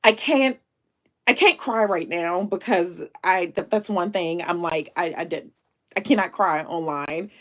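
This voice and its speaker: Slow-talking, emotional live-stream host woman. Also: lowish voice. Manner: emotional, on the edge of tears; sprinkles French greetings. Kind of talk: casual live-stream chat.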